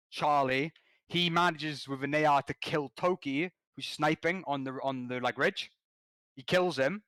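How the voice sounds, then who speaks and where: Excitable man telling game stories. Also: fairly high pitch, smooth, no echo. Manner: excitable, slangy, quick restarts. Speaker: podcast guest, competitive gamer. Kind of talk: animated storytelling.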